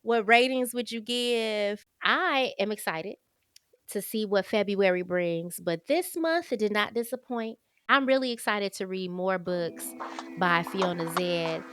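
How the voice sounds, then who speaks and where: A woman's voice: mid-range voice, expressive, unhurried, loud music behind the voice. A woman hosting a podcast, chatting candidly about books and calling her listeners y'all. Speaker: podcast host. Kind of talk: casual book review chat.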